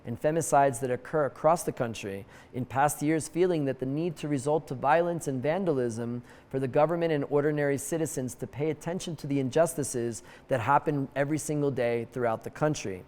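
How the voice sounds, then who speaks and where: A man's voice: medium pitch, darkish tone, long reverb tail. A man hosting a comedic news show, reading the stories with wry, jokey asides. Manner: wry, jokey asides with quick put-on voices.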